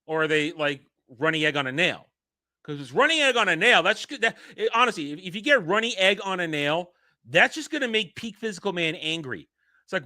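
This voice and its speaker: A man's voice: sits high, very animated, fairly quick, pushed and bright, no echo, studio quality. A man hosting a livestream in casual chat, rambling and often cutting himself off with chuckles. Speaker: streamer host.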